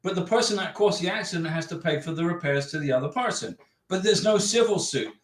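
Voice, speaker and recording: A man hosting a livestream reads viewer comments aloud and offers advice in a chatty way, repeating points for emphasis. His voice sits high and moves quickly, recorded in an echoey room.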